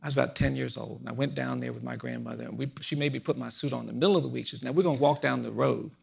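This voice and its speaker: A man in his fifties speaking earnestly in a reflective conversation, telling personal stories in a measured way that often drops to a hushed, low voice. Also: fairly even intonation, gravelly. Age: 50s. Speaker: guest speaker.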